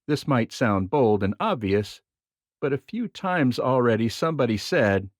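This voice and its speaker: A man reading from a book on magic theory delivers the nonfiction text in a measured yet expressive way. His middle-pitched voice rises and falls freely, and the recording is dry and close, without room sound or echo.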